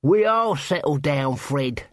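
A man's voice: fairly high pitch, animated, slow pace, no echo, studio quality. A man voicing a scruffy, cheeky corporal who grumbles and complains. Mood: grumbling.

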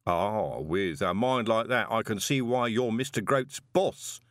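Man doing a deadpan bearded conspirator. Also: lowish voice, a little slow, no room sound, clean studio sound.

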